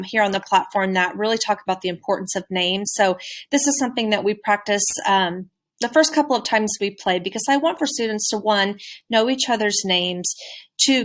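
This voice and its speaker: A woman teacher giving a recorded presentation on a classroom game, speaking clearly and encouragingly. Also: mid-range voice. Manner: clear, encouraging, with modeled questions.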